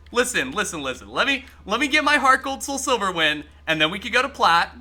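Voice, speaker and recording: Excitable, bright-voiced male streamer. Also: extremely high pitch, normal speed. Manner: excitable and chatty, swears freely; talks to chat while playing. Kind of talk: casual live-stream gaming commentary.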